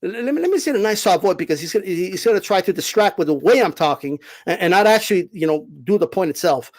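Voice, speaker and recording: Host, male, very high voice, emphatic and lecturing, raises his voice and drives each point home by repeating it. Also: expressive, quick pace, low-quality recording. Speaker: boxing commentator host. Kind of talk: live-stream commentary answering chat.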